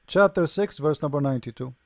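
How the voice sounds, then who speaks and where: Male host, high voice, dry close sound, sarcastic and mocking, frequent restarts. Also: gravelly, darkish tone, dry recording. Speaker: debate show host. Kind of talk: polemical commentary reading from a screen.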